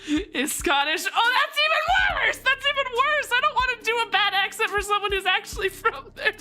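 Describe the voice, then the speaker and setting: A young woman streaming a story game, giggling constantly, swearing freely and mocking her own voice work. Her voice is high and bright, and her pace unhurried, with faint music playing underneath. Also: animated. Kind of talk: casual game stream commentary.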